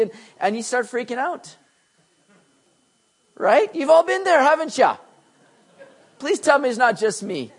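A middle-aged man preaching a sermon, telling stories with swings from quiet asides to excited bursts. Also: extremely high pitch, a little fast. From Canada. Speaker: pastor.

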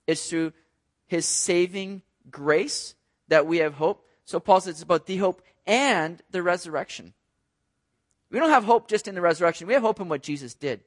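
Man, Bible teacher; conversational, explaining as he goes, high voice.

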